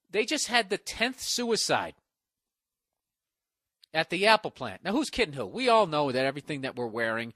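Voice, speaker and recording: A man ranting through a solo podcast, exasperated and swearing as he rambles. His voice is bright and somewhat high for a man, recorded close and dry with no room echo. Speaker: podcast host.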